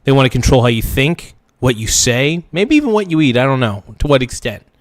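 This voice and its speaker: Male streamer host, blunt and mocking, dry close-miked sound, middle pitch. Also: sing-song, fairly quick, no echo. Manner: blunt, mocking, rambling asides. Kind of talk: livestream political commentary.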